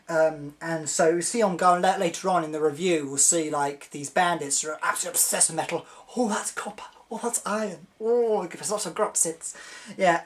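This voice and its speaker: A young man giving a casual video review, excitable and rambling, often mimicking the characters. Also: fairly high pitch.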